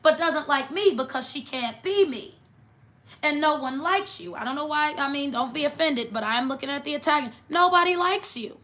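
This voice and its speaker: A woman's voice: high-pitched, a little fast, a bit bright, roomy sound. A woman doing a casual tarot reading for viewers, talking in a blunt, mocking, sassy way. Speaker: tarot reader.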